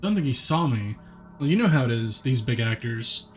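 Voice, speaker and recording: Faint music runs under a mid-range, animated male voice at a moderate pace. He's live-streaming a game, chatting with viewers, answering their messages, and reading narration in a plain voice.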